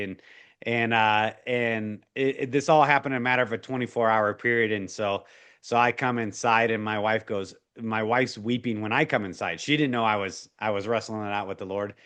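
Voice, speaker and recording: A man's voice: fairly low pitch, fairly even intonation, moderate pace, fairly bright tone, clean tone. A man in his forties, a guest in an interview, telling a personal faith story in an earnest, emotional way, full of restarts and fillers.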